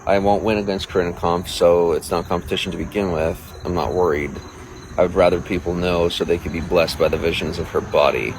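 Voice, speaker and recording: Deep-voiced crude man livestreaming. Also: fairly even intonation, fairly quick, noisy background. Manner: crude, boastful and rambling. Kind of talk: casual livestream chat, reading viewer comments.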